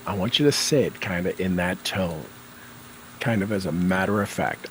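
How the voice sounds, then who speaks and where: A man leading a guided tapping session, calling out tapping points and repeating affirmations with slow, deliberate coaching cues. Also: deep voice, lively intonation, a little hiss or hum, rough recording.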